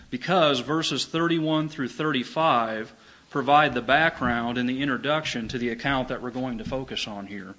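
A man's voice: mid-range voice, bright, forceful tone, low-quality recording. A man preaching a sermon, reading scripture aloud and explaining it in an earnest, emphatic way. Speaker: pastor.

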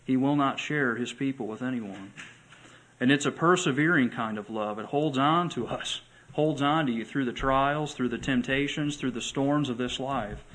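A male pastor preaching a sermon to his church, earnest, slowing and swelling when he reads scripture aloud. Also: mid-range voice, a bit bright, low-quality recording. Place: church sanctuary.

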